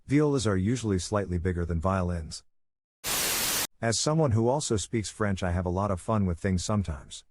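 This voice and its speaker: Low-voiced man reading forum posts aloud. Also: lively intonation, normal speed, noisy background. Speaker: narrator reading online posts.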